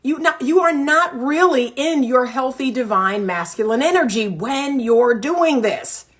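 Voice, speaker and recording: A woman dating coach giving relationship advice in a vlog, emphatic and repetitive, with animated asides. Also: sits high, a little slow.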